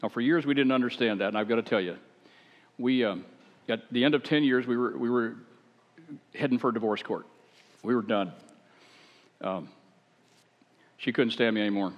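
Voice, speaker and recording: A man's voice: medium pitch, normal speed, long pauses. A man preaching a conversational sermon, chatty and rhetorical, with wry asides and self-deprecating stories. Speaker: pastor. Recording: echoey hall, dull lo-fi sound.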